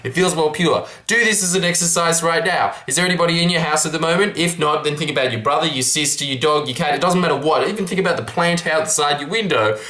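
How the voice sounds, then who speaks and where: A man's voice: fairly high pitch, quick pace, few pauses, pushed and bright. A young man giving a casual self-help talk to camera, earnest and rambling, with many restarts. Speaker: vlogger. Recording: roomy echo.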